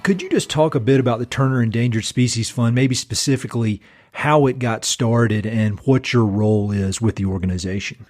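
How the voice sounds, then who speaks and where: A man hosting a podcast interview, asking open questions at a relaxed pace. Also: mid-range voice, a little fast, soft background music. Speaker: podcast host.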